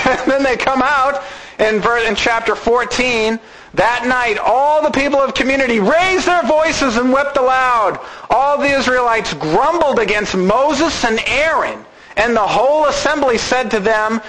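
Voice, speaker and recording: Very high-voiced guy preaching, animated, reads the bible out loud, faint hiss. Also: normal speed, rough recording. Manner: animated, acts out characters. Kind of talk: sermon with Bible reading.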